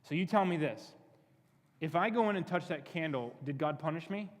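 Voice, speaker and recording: Energetic man preaching in a reverberant church. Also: fairly high pitch, moderate pace. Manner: energetic, asks the crowd many questions, repeats words. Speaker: youth pastor. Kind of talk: sermon to a youth group. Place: church sanctuary. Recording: long reverb of a church hall.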